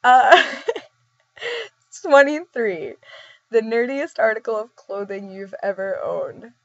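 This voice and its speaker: A young woman vlogs in a casual, rambling chat, giggling and poking fun at herself as she answers questions. Her mid-range voice moves at a moderate pace with vocal fry, and the lo-fi recording sounds dull and dry.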